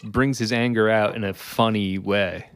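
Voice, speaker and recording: A man's voice: lowish voice, fairly even intonation, measured pace, no echo, clean studio sound. Hesitant podcast co-host man. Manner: hesitant, filler-heavy. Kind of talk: casual podcast chat.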